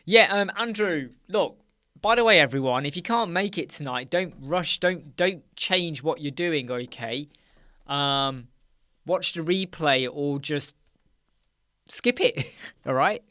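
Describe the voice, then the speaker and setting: This chatty, jokey male host from the United Kingdom reads viewer comments aloud and laughs often during a casual live stream. His voice is on the high side, bright and forceful, and he takes it slowly. The sound is very dry and close with no echo, from a dark soundproof-paneled room.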